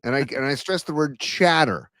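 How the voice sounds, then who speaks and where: A man's voice: on the high side, animated, a little fast, fairly bright tone, dry recording, studio quality. A man co-hosting a podcast, chatting emphatically and calling his co-host "dude". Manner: emphatic, says "dude" a lot. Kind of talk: casual sports and music chat.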